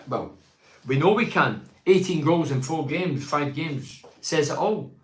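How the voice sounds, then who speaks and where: Man, 60s, football pundit, rambling chatty delivery, slightly high voice, echoey room. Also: a bit bright. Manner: rambling, chatty storytelling with frequent restarts. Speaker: football pundit and show host. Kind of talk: casual live chat reading viewer comments. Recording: roomy echo.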